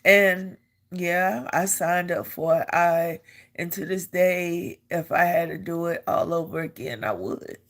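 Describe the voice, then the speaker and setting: An older woman recounts her own experience in a low voice, taking her time over every word. She speaks earnestly as she tells her story and repeats phrases to drive a point home. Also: a little slow, a bit bright. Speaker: vlogger and army veteran. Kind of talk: personal storytelling.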